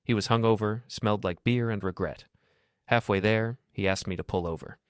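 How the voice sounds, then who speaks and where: Low-voiced guy reading a first-person story, steady and matter-of-fact, dry close sound. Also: normal speed, clean tone, no echo. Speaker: narrator.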